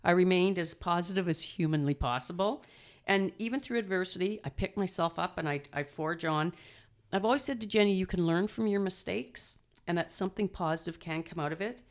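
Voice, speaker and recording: Woman, middle-aged, podcast guest, animated storytelling, acts out voices, lower pitch. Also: a little fast. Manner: animated, laughing, acts out quotes. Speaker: guest, mother and performer. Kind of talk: storytelling interview.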